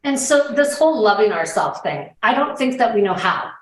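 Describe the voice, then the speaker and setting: A woman's voice: a little high, big pitch swings, normal speed. A woman hosting an interview, talking in a reflective, hesitant way with many restarts. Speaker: host, interviewer. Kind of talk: conversational interview. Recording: echoey room.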